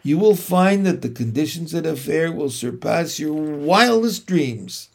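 A man's voice: fairly high pitch, animated, unhurried, gravelly, exaggerated voice. A man reading aloud and voicing an old sheep who persuasively lists treats at length. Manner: listing things at length, persuasive.

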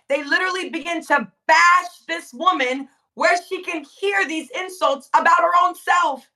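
Bright, fervent woman preacher, distant mic. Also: very high-pitched, moderate pace, few pauses. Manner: fervent, emphatic repetition, swells to shouting. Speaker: guest preacher. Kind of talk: impassioned preaching.

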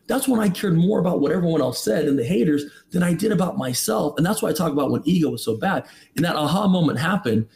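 A man's voice: fairly high pitch, animated, fast, vocal fry, hardly any pauses, darkish tone, slight background noise. A man in his thirties, a podcast guest, telling a personal story with emphatic, preachy rhetorical questions. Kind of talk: candid motivational storytelling.

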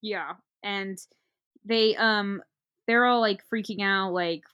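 A woman in casual chat, recapping a movie plot in a rambling, halting way with many fillers. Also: medium pitch, fairly even intonation, a bit bright, clear, resonant tone, highs cut off.

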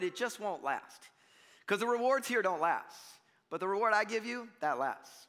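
Speaking at a moderate pace in a high voice, this man delivers a sermon as pastor, addressing the congregation conversationally and animatedly while mimicking people's voices. A long church-hall echo fills the sanctuary recording.

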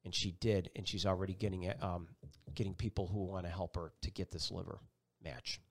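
A man's voice: deep voice, fairly quick. A middle-aged man, a TV meteorologist and guest, telling a personal story with feeling and acting out the people in it. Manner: animated, acts out voices in his story.

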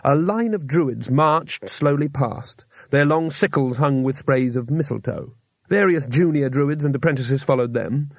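A man narrating an audiobook with steady, dry storytelling, recorded close on a studio mic. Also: medium pitch, dry recording. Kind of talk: scripted narration.

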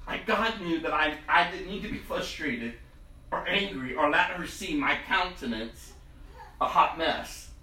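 A man's voice: fairly high pitch, animated, unhurried, bright, forceful tone, echoey room, far from the mic, poor audio. A man preaching a sermon in a conversational, storytelling way. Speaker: pastor.

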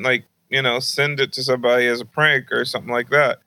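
A young man on a podcast, casually telling a funny personal story and acting out high-pitched voices of his mom and grandma. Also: level tone, quick pace, hardly any pauses, bright, forceful tone, rough recording. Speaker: podcast host.

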